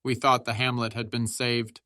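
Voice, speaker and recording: A man narrating an audiobook in a measured, steady reading style. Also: mid-range voice, no room sound, studio quality.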